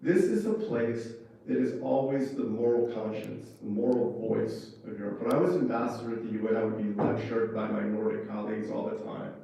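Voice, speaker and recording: A former ambassador gives a fired-up, impassioned speech at a conference, pressing each point with fervent emphasis and few pauses. His lowish, mellow, dark voice is gravelly and a little fast. He is recorded from far off in a strongly echoing conference hall.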